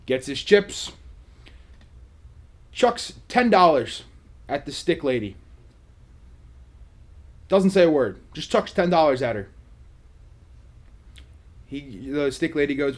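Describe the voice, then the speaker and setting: A man's voice: fairly high pitch, expressive, takes it slowly, pauses often. Sarcastic man telling a story in a vlog. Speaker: vlog host.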